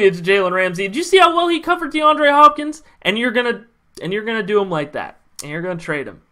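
A man's voice: high-pitched, expressive, fast, bright, forceful tone. A young man ranting with heavy profanity in a sports recap vlog. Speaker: sports vlogger.

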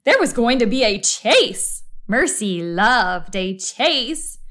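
A woman reads a children's book aloud, slowly and expressively. Her voice sits a little high and swings widely in pitch, which keeps every sentence lively. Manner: expressive, slow read-aloud. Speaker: storybook reader.

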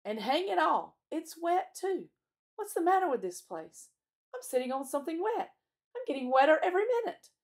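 A woman reading aloud and voicing an excitable English schoolboy, the eldest brother, with eager exclamations. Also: a little high, moderate pace, voice pushed up. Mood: puzzled.

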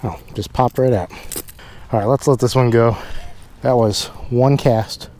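Unhurried and medium in pitch, a young fishing host chats upbeat into his camera mic by a pond as rain falls, with background noise audible. This is relaxed vlog talk that lights up with excitement when he catches something.

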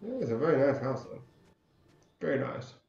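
Let's-player, mellow, joking and profane, dull-sounding mic. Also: male voice, mid-range voice, expressive, fairly quick, vocal fry, echoey room. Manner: swearing, joking banter at the game. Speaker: gamer. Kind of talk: let's play commentary. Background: game music.

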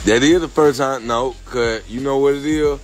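A man joking around with his partner at a pool at night, cursing and complaining loudly. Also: medium pitch, moderate pace, low-quality recording. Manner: profane, animated, indignant. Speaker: vlogger. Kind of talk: casual banter.

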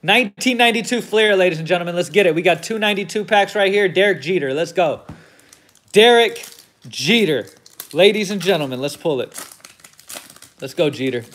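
High-voiced man calling out card pulls. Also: fast, few pauses, a bit bright. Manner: reels off player names, gets hyped at big pulls, swears casually. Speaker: host of a card break stream. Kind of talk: casual commentary while opening card packs.

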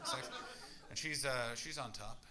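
A young man from Canada doing a brash stand-up set, muttering asides and then shouting at the crowd. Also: medium pitch, huge pitch swings, a little slow, heavy background noise. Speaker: stand-up comedian. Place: comedy club in front of a laughing audience.

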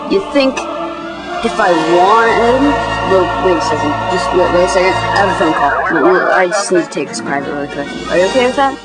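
A woman's voice: animated, fairly quick, few pauses, over loud music. Young woman voicing many toy-movie characters. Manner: switches pitch wildly between characters, often squealing high. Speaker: amateur animator voicing all the characters. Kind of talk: homemade toy-figure animation voice acting.

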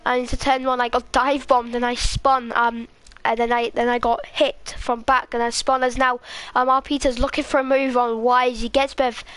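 A woman with a Scottish accent giving live race commentary in a halting, rambling way, full of fillers. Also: fairly high pitch, level tone, fairly bright tone, smooth, dry recording. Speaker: sim racing commentator.

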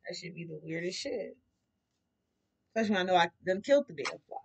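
A woman's voice: fairly low pitch, fast talker, breathy edge, lo-fi sound. Blunt profane woman reading tarot. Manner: blunt, profane, animated talk. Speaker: tarot reader. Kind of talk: casual tarot reading monologue.

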